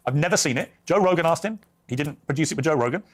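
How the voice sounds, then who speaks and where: Brisk male TV interviewer, probing, rapid delivery. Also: fairly high pitch, lively intonation. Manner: probing, pointed questions. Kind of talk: broadcast interview.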